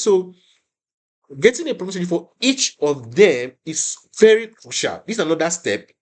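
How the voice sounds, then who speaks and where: A man's voice: high voice, very animated, moderate pace. Emphatic man teaching an exam class. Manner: emphatic, repeats phrases, many restarts. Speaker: IELTS tutor.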